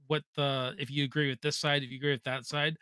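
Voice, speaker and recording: A man's voice: medium pitch, level tone, fast, pushed and bright, smooth, no echo, clean studio sound. A man with a Canadian accent hosting a live watch-party, reading viewers' questions aloud and chatting casually. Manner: reads chat questions aloud, casual and joking. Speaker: host.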